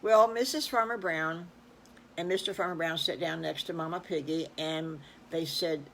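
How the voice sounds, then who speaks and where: An older woman telling an improvised children's story in a folksy, rambling, animated way. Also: low-pitched, normal speed, slight background noise, low-quality recording. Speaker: storyteller grandmother.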